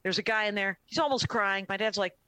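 A woman comedian casually telling a long, animated story on a podcast, often quoting her dad. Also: mid-range voice, fairly quick, clear, resonant tone, dry recording. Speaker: comedian guest.

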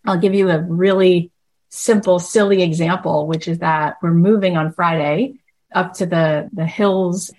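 A woman hosting a podcast, telling a casual story in a chatty, animated way and acting out the other people in it. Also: lowish voice, measured pace. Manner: chatty, animated, acts out quoted voices. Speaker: podcast host.

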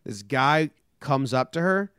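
A young man chats and jokes on a podcast, slipping into quick voices for the people in his stories. His voice is smooth and clear, recorded close and dry with no room sound. His pitch sits in an ordinary middle range. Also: animated, a bit bright, no echo. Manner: jokey storyteller, acts out quoted people. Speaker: podcast co-host. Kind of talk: casual chat.

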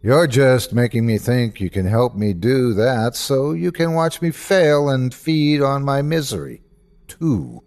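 A man's voice: medium pitch, expressive, unhurried, a little mellow. A man voicing a shaken but defiant male psychiatrist in a horror audiobook, speaking tensely in a clipped clinical manner. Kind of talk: audiobook character dialogue.

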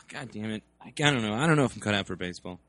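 A man's voice: fairly low pitch, animated, racing, fairly bright tone, no echo, studio quality. A man playing an anxious, flustered young baseball player. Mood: dejected. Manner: flustered, hesitant.

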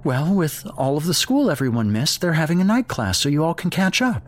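A man's voice: on the high side, very animated, brisk, soft background music, pitched above the performer's own voice. A man voicing a tearful, anxious mother who switches between tender and harsh, in a horror audio story. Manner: soft, pleading, sometimes suddenly harsh.

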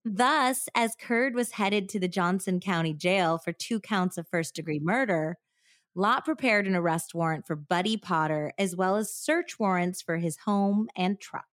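A woman's voice: medium pitch, measured pace, fairly bright tone, no echo, studio quality. Casual woman narrating true crime. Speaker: podcast host.

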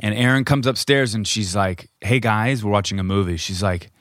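A man's voice: fairly low pitch, moderate pace, a bit bright, no room sound, studio quality. A middle-aged man, a podcast co-host, telling a story in casual chat, acting out quotes and swearing freely.

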